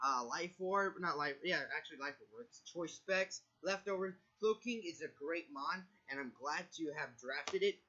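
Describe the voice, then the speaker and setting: Talking casually through his picks, this nervous video creator stumbles and corrects himself over and over in a draft analysis. His voice is on the high side, pushed and bright, with lively intonation at a moderate pace and hardly any pauses. It's lo-fi.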